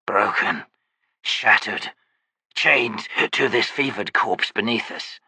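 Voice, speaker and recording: A man voicing a broken, chained male creature in an audiobook, with a rasping, wheezing voice and a slow, menacing way of talking. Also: lowish voice, pushed and bright, no echo, exaggerated voice. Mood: bitter.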